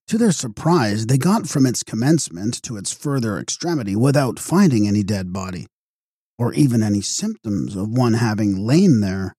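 Man, audiobook narrator, gothic novel, dark mellow tone, dry recording. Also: medium pitch, husky, dry recording. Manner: steady, measured storytelling.

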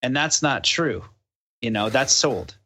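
A man's voice: mid-range voice, measured pace. A man, a podcast guest, telling a story in casual chat and animatedly acting out the dialogue. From Canada. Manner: animated, acts out quoted dialogue.

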